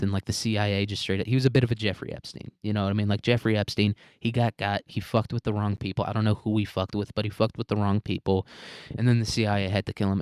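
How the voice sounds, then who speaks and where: A man's voice: lowish voice, darkish tone, smooth, dry recording, studio quality. A man hosting a solo commentary podcast, rambling, sarcastic and heavy on swearing. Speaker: podcast host.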